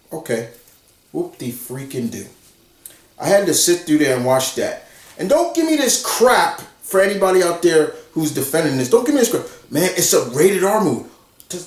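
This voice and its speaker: A man ranting bluntly and profanely in an exasperated movie commentary vlog. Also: on the high side. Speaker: commentary vlogger. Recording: roomy echo, far from the mic.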